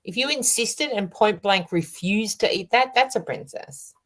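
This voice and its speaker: A woman's voice: medium pitch, expressive, unhurried, a bit bright. An Australian woman co-hosting a casual online chat, laughing often and reading out viewer comments. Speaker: co-host.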